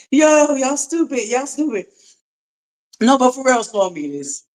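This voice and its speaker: A woman's voice: sits high, very animated, takes it slowly, a little mellow. Sassy, profane woman streamer, drawling. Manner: sassy, profane, mocking, laughs often. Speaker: commentary channel host. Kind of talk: live-stream commentary chat.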